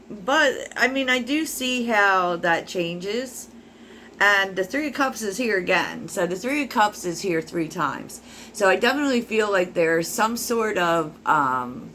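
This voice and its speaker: A woman with a fairly low voice gives a casual tarot reading to her viewers. She muses aloud as she talks, with lots of fillers. A faint hum of room ambience sits behind her. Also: bright, forceful tone. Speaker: tarot reader.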